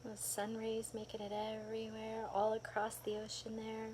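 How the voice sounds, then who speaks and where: A woman casually recounting a personal experience, lively and animated, often saying "like" and laughing between thoughts. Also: a little high, normal speed, a little hiss or hum. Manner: animated storytelling with frequent laughs, filler "like". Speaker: vlogger.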